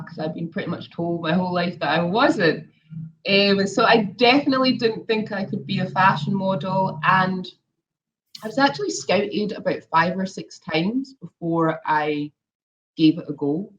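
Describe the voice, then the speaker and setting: A woman from Scotland with an Edinburgh Scottish accent, a guest in a casual interview, chatty with many ums. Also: fairly low pitch. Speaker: guest, former model. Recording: dull lo-fi audio.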